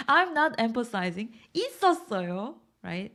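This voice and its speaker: In a fairly high, sing-song voice at a moderate pace, a woman with a Korean accent teaches grammar in English to learners. She patiently repeats example sentences and asks questions to check understanding.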